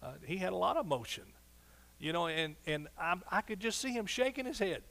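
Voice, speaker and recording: Animated preaching pastor, fairly high voice. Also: male voice, fairly quick, vocal fry. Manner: animated, swings between soft asides and loud exclaiming. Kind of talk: sermon.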